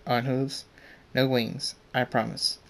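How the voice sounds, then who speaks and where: A man's voice: medium pitch, flat delivery, takes it slowly, gravelly, a bit bright. A friendly young pegasus stallion talks casually, stumbling over his words, as a man reads his lines in an amateur story. The voice stays close to the reader's own. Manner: casual, hesitant, stammering.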